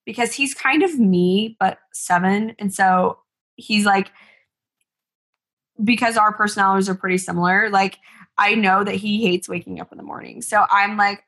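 A woman in her thirties, a mother and business owner, co-hosts a podcast and tells stories in casual chat. Her mid-range voice moves at normal speed, chatty and animated, with lots of fillers.

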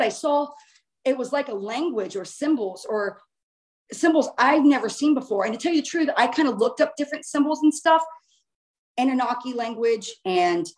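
A young woman tells a story in a relaxed, unscripted way, her voice sitting a little high. She talks animatedly and informally, tossing in casual swearing as she goes.

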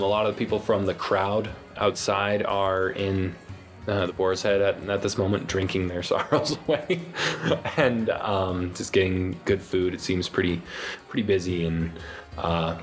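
A young man narrating as game master in a tabletop game, relaxed and full of ums. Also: low-pitched, a little slow, faint music behind. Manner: relaxed, hesitant, with many ums.

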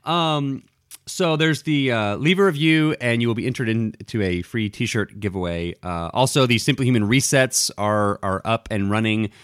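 A man's voice: mid-range voice, normal speed, a bit bright, smooth, no echo. Rambling male podcast co-host, dry sound. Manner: rambling, many fillers and restarts. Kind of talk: casual chat.

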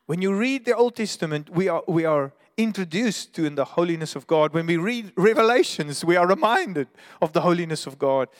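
A man's voice: high voice, lively intonation, fairly quick, long reverb tail. A man preaching a sermon as pastor, earnest and emphatic, sometimes restarting his words.

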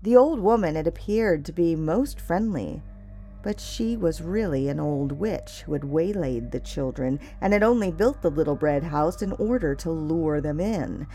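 A woman narrating a fairy tale in a measured, expressive storytelling voice. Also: sits low, faint music behind.

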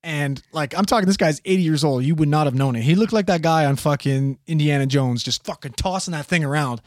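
A man's voice: a little high, fairly quick, dry recording, clean studio sound. A young man who works as a paramedic, telling a wild work story in a casual, profanity-laced way and acting out the people in it. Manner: profane, animated, acts out the people in his story.

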